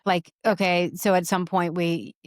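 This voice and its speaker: A woman in her forties, a mother talking earnestly in an interview, in quick bursts with many restarts. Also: fairly low pitch, level tone, dry recording, clean studio sound. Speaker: guest, mother. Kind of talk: conversational interview.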